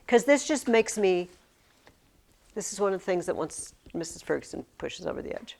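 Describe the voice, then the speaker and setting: Animated woman teacher in a classroom. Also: mid-range voice, moderate pace, gravelly. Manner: animated and emphatic, often restarting words. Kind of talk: classroom lesson. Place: classroom with curtains on the walls. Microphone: recording device in the classroom.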